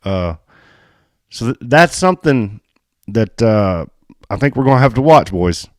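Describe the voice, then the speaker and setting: A man co-hosting a casual podcast, telling a story in a blunt, animated way and swearing freely. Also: on the low side, a little slow, dry recording, studio quality. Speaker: podcast co-host and race filmer.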